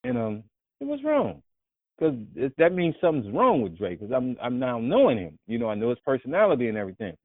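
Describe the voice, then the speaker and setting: A man casually telling a long, profane, rambling story as a guest, often breaking into animated quoted voices. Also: brisk, no echo. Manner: profane, rambling, jumps into high animated voices when quoting others. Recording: dry, tinny phone-like audio.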